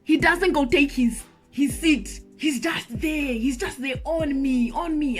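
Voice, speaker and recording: Lady vlogger telling a story, kinda high voice, lively and chatty, quiet music underneath. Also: unhurried, hardly any pauses. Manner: animated storytelling, talks straight to viewers. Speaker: vlogger and singer. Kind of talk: storytime vlog.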